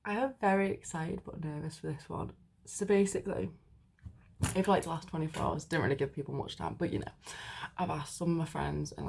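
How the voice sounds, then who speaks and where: A young woman talks casually to her camera, rambling and filling her sentences with "like". Her voice is husky and sits fairly low. It sounds like an easygoing home vlog. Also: a little mellow. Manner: chatty, rambling with lots of "like". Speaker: vlogger. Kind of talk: casual chat.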